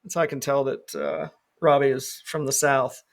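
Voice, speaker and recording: Gravelly animated podcast host. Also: male voice, mid-range voice, normal speed. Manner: swears freely, animated storyteller, laughs often. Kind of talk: casual chat.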